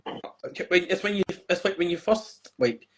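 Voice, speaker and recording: A man chatting casually on a podcast, animated and swearing freely as he tells stories. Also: sits high, measured pace. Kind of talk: casual chat.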